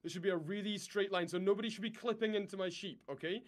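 A man's voice: high voice, quick pace. A man in game voice chat, leading his squad with bossy drill-sergeant orders. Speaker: player leading a unit in voice chat.

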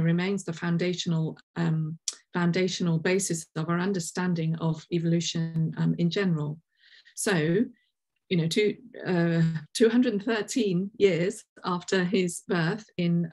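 A woman's voice: fairly low pitch, darkish tone. A woman hosting and chairing a Q&A at an online science seminar, talking with many ums and restarts over a video call. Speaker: session chair and host.

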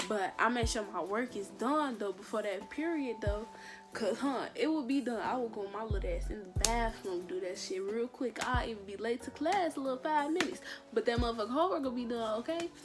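A teenage girl with a slightly high voice delivers advice in a casual vlog. She is blunt and sassy, throwing in slang, swear words and teasing pet names like "hun". Music plays clearly behind her. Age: teens. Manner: drawls teasing asides like "hun" and "babe". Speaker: vlogger giving school advice.

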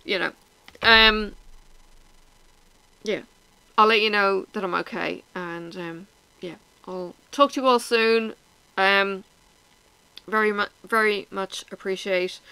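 A woman's voice: medium pitch, sharp tone, clean tone, no echo, rough recording. A woman, chatting frankly and bluntly to her viewers in a casual vlog, teary and sniffling. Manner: blunt, frank and self-mocking, with swearing and laughs. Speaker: vlogger.

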